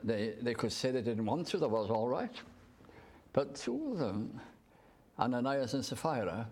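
A man preaching a sermon in short, measured phrases, reading out scripture to a gathered congregation. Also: mid-range voice, big pitch swings, a little mellow, breathy edge. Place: church gathering in the evening.

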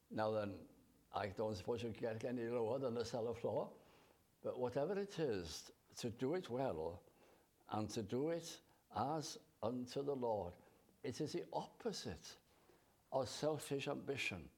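A man preaching a sermon in a slow, measured way, drawing out his scripture quotes. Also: medium pitch, lively intonation, darkish tone.

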